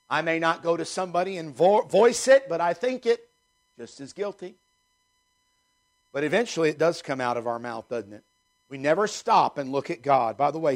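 A middle-aged male pastor preaching a sermon emphatically, throwing rhetorical questions at his congregation. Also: high-pitched.

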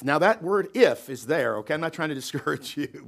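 Man preaching in church, kinda high voice, gets loud on the big lines then goes quiet, asks the room stuff. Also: expressive, normal speed, creaky, hardly any pauses. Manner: emphatic, swings between loud and soft; folksy, asks the congregation questions. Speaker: pastor. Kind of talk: sermon. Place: church sanctuary.

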